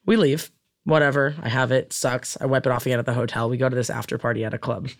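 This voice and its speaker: A woman's voice: rumbling low, fairly even intonation, fast talker, no room sound, studio quality. A woman co-hosting a podcast, telling stories in a laid-back, slangy way and laughing often. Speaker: podcast co-host. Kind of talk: casual podcast chat, storytelling. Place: Los Angeles.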